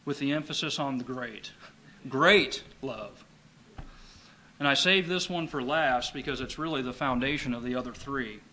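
The low-quality recording captures a preacher of medium pitch delivering a forceful, bright-voiced sermon with plenty of emphasis. He slows down for scripture and repeats important phrases to give them weight; faint noise sits in the background.

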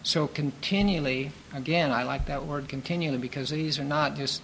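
A man preaching a sermon in an earnest, measured teaching manner, pausing with fillers and restarting phrases. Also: fairly high pitch, fairly bright tone, a little hiss or hum, poor audio.

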